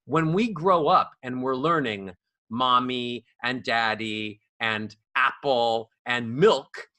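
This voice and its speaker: A man's voice: mid-range voice, slow, bright, forceful tone, dry recording. A man talking as a voice coach guest on a podcast, playful and acting out the voices of others. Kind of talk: animated podcast conversation.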